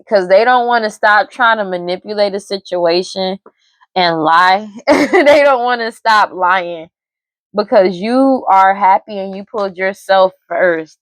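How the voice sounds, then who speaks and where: A woman's voice: mid-range voice, dry recording, poor audio. Slangy, blunt woman reading tarot. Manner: blunt, slangy, laughs often, swears. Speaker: tarot reader. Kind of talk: casual tarot reading to camera.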